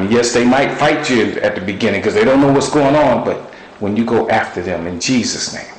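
Lower-voiced man preaching in an echoey room. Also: a little hiss or hum. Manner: storytelling, animated with sudden high shouts. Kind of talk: sermon.

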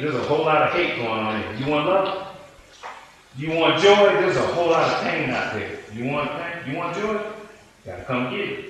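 A man's voice: a little high, recorded from a distance, slight background noise. Preaching man in an echoey church. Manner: rhythmic preaching with repeated phrases, swinging from hushed to hollering. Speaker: pastor. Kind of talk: sermon. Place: church hall.

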